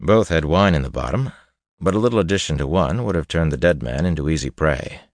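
Very deep-voiced male audiobook narrator. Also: expressive, brisk, no room sound, studio quality.

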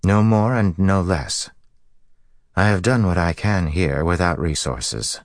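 A man voicing a curt, stern female bomb-maker in an audiobook, speaking in a flat, formal, vaguely hostile way. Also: deep voice, slow pace, dry recording, clean studio sound, pitched above the performer's own voice. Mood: firm. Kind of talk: audiobook character voice.

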